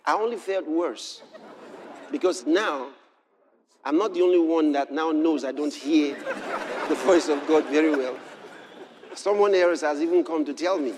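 A man preaching a sermon, telling a personal story with animated delivery that moves between hushed passages and shouted exclamations. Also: on the high side, a little slow, long pauses, crowd noise, noisy background.

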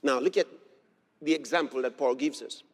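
A man preaching a sermon as pastor, emphatic and repetitive, building up to shouted lines. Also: mid-range voice, normal speed. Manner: emphatic, repeats phrases, rises to shouts. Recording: long hall reverb.

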